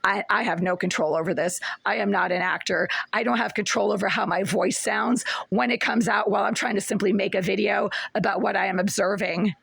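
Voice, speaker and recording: Raspy, cracking woman's voice. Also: medium pitch, fairly even intonation, brisk, hardly any pauses, a bit bright, no echo. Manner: insistent, repetitive complaining. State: hoarse. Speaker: tenant filming a complaint video. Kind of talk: agitated self-filmed vlog. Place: small apartment, near a window.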